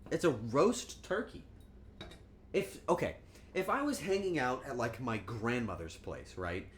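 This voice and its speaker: A man's voice: mid-range voice, very animated, a little slow, a little hiss or hum. A man chatting casually on a cooking stream, joking and rambling, and acting out quotes in goofy voices.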